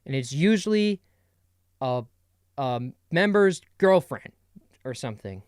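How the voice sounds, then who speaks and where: A man's voice: fairly high pitch, lively intonation, unhurried, clean tone, no room sound, studio quality. A young man hosting a podcast solo, rambling playfully in a casual comedic monologue. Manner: rambling, playful, jumps between bits. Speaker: podcast host.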